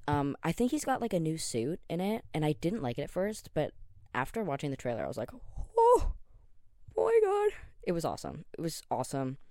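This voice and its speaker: A man's voice: fairly high pitch, big pitch swings, fast, darkish tone, dry recording, studio quality. A tired Canadian man in his twenties hosting a casual solo podcast, rambling with lots of likes and ums and perking up when talking about favorite superheroes. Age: 20s. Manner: rambling and self-interrupting, with many likes and ums. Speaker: podcast host.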